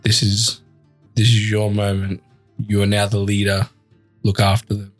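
A man playing a solemn husky warrior. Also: on the low side, completely flat delivery, a little slow, faint music behind. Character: solemn male warrior, loyal and formal.

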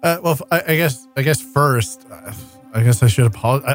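A man's voice: mid-range voice, brisk, faint music behind. A man co-hosting a podcast, stammering and restarting often in a mock self-pitying way. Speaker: podcast co-host. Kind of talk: casual podcast chat.

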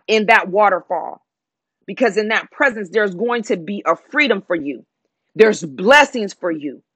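A woman's voice: medium pitch, fairly bright tone, no echo. Emphatic woman preaching a sermon. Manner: repetitive, declaring, emphatic.

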